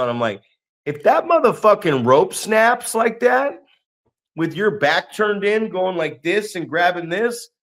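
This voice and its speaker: A man's voice: fairly high pitch, a bit bright. A man co-hosting a podcast and training wrestlers, telling stories in a blunt, profane way. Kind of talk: casual profane podcast chat.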